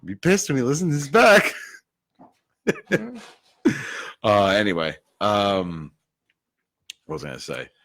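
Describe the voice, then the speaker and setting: A man chatting on a podcast with a lively, swinging pitch. He talks loosely and animatedly, laughing often and slipping into comic voices. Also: unhurried, pauses often. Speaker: podcast co-host. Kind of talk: casual chat.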